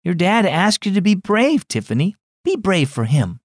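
A man voicing a firm, upbeat mother who coaxes her children briskly. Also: high voice, big pitch swings, no echo, studio quality, pitched above the performer's own voice. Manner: brisk, coaxing.

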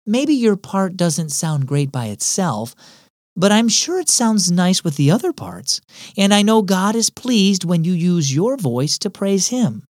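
A man voicing a kindly mother who speaks softly and reassuringly to her daughter. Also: high voice, sing-song, a little slow, dry recording, clean studio sound. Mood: gentle. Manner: soft, reassuring.

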